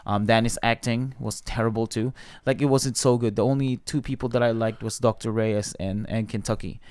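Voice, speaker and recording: A man's voice: medium pitch, steady tone, moderate pace, a little mellow, no room sound. A man co-hosting a podcast, reviewing a movie in casual chat, blunt and opinionated with plenty of fillers. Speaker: podcast co-host.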